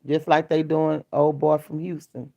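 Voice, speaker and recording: Gravelly middle-aged woman, blunt storyteller. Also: sits low, flat delivery, measured pace, warm tone. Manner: candid, blunt storytelling in colloquial speech. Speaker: vlogger. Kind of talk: casual chat. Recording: dull lo-fi sound.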